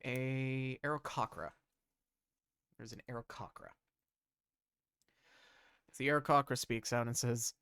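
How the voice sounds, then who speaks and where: Slow-speaking male game master. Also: medium pitch, creaky, a bit bright, clean tone, no room sound, clean studio sound. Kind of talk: narrating a tabletop game.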